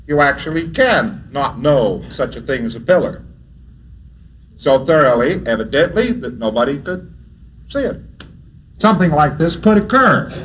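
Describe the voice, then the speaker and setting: A man's voice: a little high, a bit bright, slight background noise, poor audio. A man giving an anecdotal lecture who chuckles often and acts out dialogue in his stories.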